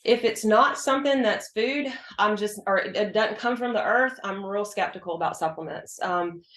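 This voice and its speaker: A woman practitioner talks through her work in a casual, emphatic interview style, often slipping into her patients' voices and her own replies. Her voice sits at an average pitch, and the room adds a noticeable echo. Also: normal speed, a bit bright. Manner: chatty, emphatic, acts out patient exchanges. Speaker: hormone health practitioner. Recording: roomy echo.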